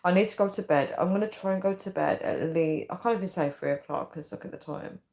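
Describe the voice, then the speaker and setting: A woman's voice: fairly low pitch, fast, a little mellow. A woman in her thirties, tired and chatty, reading out comments on a casual live stream. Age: 30s. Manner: chatty and giggly, often breaking into laughter. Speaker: livestream host.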